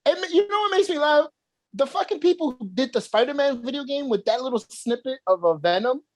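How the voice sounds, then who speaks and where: A woman's voice: high-pitched, lively intonation, a little fast, a little mellow, no room sound. A woman co-hosting a casual podcast chat, talking animatedly, swearing often and acting out quotes. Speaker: podcast co-host.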